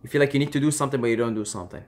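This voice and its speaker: A man giving impassioned advice to camera, emphatic and swearing freely, swinging between loud urging and quiet reassurance. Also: mid-range voice, racing. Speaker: vlogger.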